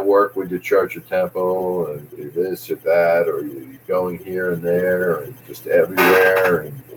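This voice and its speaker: A man's voice: deep voice, slight background noise, low-quality recording. A man rambling through a jokey comic monologue, jumping from one tangent to the next. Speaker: comedian host.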